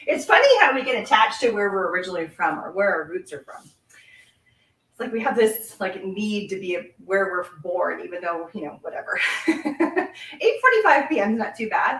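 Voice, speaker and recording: A chatty, giggly middle-aged woman talks her viewers through a craft project while her hands keep busy. Her voice sits at an ordinary pitch and sounds set back from the mic. The home craft room around her adds a noticeable echo. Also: big pitch swings, moderate pace, fairly bright tone, distant mic. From Canada. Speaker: card-making host. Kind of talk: casual live craft demonstration.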